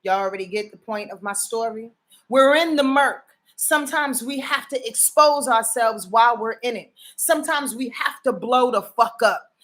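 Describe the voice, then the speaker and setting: A woman's voice: on the high side, normal speed, a bit bright. A woman astrologer talking casually on a live stream, emphatic and preachy, swearing freely and often checking that her listeners follow her. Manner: emphatic, profane and preachy, often asks the audience to confirm.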